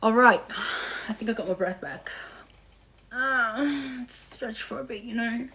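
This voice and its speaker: Tired, slow-talking woman livestreaming. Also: fairly high pitch, pushed and bright, low-quality recording. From Australia. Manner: slow, breathy pauses, thanking viewers. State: tired, resting her voice. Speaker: livestream host. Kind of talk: casual live-stream chat.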